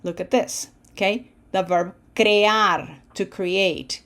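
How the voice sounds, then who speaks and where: Casting: female language teacher, unhurried delivery, patient, keeps checking in with the class. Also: mid-range voice, fairly even intonation, a bit bright. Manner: patient, explains step by step, frequent "okay?" check-ins. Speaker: Spanish teacher. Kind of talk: online language lesson.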